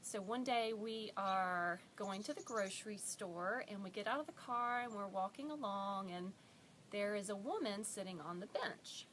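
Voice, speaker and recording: A mother telling a funny story about her toddler in an expressive, animated way, recorded as an audition. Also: medium pitch, normal speed, slight background noise.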